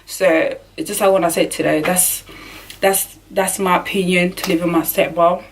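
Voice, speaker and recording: A woman's voice: on the low side, steady tone, moderate pace, far from the mic. A young woman from Burundi telling a personal story in a vlog, earnest and emotional, often restarting her sentences. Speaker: vlogger.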